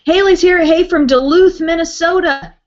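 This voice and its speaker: A young beauty vlogger hosts a casual live stream from home, reading viewer comments, giggling often, and reacting brightly to names. Her voice is extremely high-pitched at a normal speed, chatty, and the webcam audio is muffled and lo-fi.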